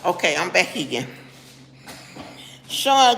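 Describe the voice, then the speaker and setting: A middle-aged woman chatting on a live stream in a slightly high, gravelly voice. She is blunt and keeps breaking off to greet viewers by name. The room is echoey, with a long reverb tail. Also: sing-song, takes it slowly, fairly bright tone, slight background noise. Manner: blunt and straight-talking. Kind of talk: casual live-stream chat.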